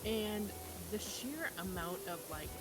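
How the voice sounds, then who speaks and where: A woman's voice: mid-range voice, lively intonation, slow, background noise. A woman streaming, chatting casually and ranting with energy, reading messages from chat aloud.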